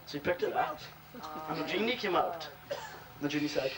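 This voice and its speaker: Male joke teller, deadpan delivery, slightly high voice, distant mic, crowd behind. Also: a little fast. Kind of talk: telling crude pub jokes. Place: social club gathering. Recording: distant room recording with crowd noise.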